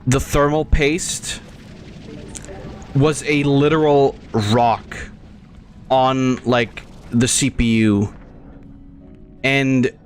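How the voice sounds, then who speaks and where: A man's voice: mid-range voice, slight background noise. A young man hosting his gaming channel, rambling through casual, crude and profane commentary as he plays.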